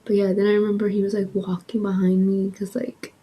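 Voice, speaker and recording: A young woman vlogger telling a casual story with animated, swearing delivery, sometimes slipping into a soft breath. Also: mid-range voice, brisk, husky, poor audio. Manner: animated, swears freely, acts out quotes.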